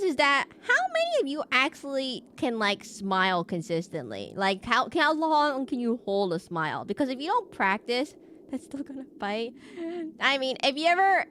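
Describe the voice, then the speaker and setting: A woman's voice: a little high, a bit bright, slight background noise. A young woman streaming live, chatting casually and rambling with many restarts. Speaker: VTuber streamer.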